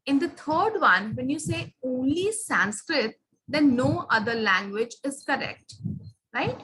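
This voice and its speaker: High-voiced woman teaching. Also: bright, forceful tone, slight background noise, rough recording. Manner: patient, questioning, stresses key words. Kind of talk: classroom grammar teaching.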